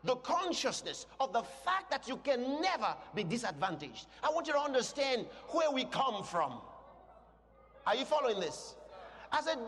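A man preaching a sermon, moving between quiet teaching and shouted declarations. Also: very high voice. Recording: long hall reverb.

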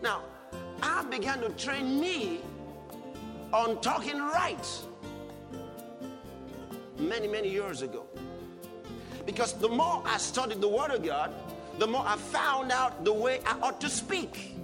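A man's voice: very high voice, big pitch swings, slow, long pauses. A man preaching a sermon, emphatic, repeating his points for stress. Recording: hall reverb with faint music.

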